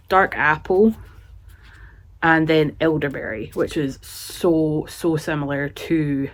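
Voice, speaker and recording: A woman chatting casually in a knitting vlog while filming with a handheld camera in her home craft room. She rambles and now and then talks to her cat. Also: deep voice. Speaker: knitting vlogger.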